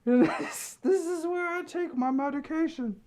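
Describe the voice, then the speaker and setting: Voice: high-pitched, normal speed, a little mellow, voice pushed up, lightly acted. A streamer putting on a quavery old British streamer. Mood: doddering. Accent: put-on British. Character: doddering elderly streamer in a nursing home.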